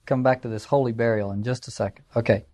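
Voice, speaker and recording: A man's voice: mid-range voice, steady tone, fast talker, darkish tone. A man giving a classroom lecture in a conversational, digressive way, with fillers and wry asides. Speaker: teacher.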